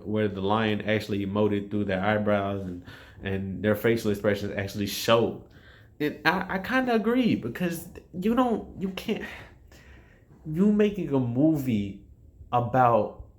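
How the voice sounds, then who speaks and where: Rambling, frustrated man reviewing a film. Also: mid-range voice. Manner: rambling, frustrated, frequent restarts and swearing. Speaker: movie reviewer. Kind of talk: casual spoken film review.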